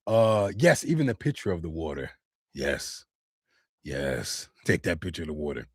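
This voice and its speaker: A man's voice: very deep voice, sing-song, normal speed, slightly rough, no room sound, clean studio sound. An American man and voice actor chatting casually on a live stream, answering viewer comments with loose slang. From United States. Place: home studio.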